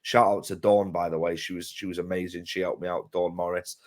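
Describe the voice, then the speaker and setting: This man talks with a fairly low voice. He chats casually about football, with a passionate, emphatic manner that turns loud when he gets going. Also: little pitch movement, a little fast. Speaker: co-presenter. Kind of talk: casual chat.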